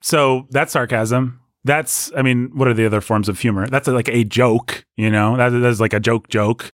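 A man co-hosting a casual podcast discussion, animated and quick to leap into high mock voices for jokes. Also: dry recording, clean studio sound. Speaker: podcast co-host.

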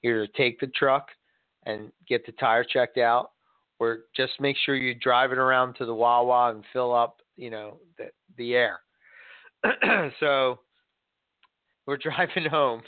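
A man's voice: mid-range voice, fairly even intonation, unhurried, clean tone, no room sound. A man chatting casually, telling a long story with lots of fillers and restarts. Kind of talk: casual chat. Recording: dry, tinny phone-like sound.

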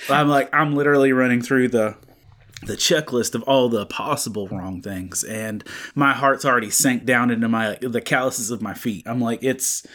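A man in his thirties talks in a loose, rambling way, piling on fillers and false starts as he tells a story. His pitch sits in the middle range for a man. He co-hosts a relaxed comics chat show. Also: moderate pace. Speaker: podcast co-host. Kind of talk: casual chat.

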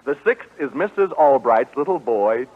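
A man's voice: medium pitch, expressive, moderate pace. A man hosting a live radio game show before a studio audience, jovial and teasing, laughing often. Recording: tinny old radio broadcast with faint hiss.

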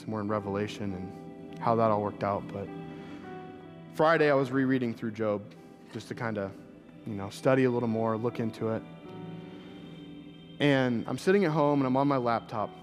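A pastor in his thirties preaching a sermon, earnest, his voice climbing into emphatic, repeated lines and dropping low and quiet to tell a personal story.

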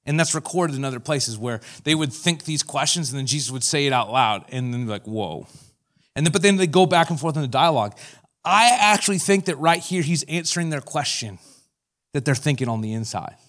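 A man preaching with animated storytelling, slipping into voices for the people he describes. His voice sits a little high for a man. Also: brisk. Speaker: pastor. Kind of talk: sermon.

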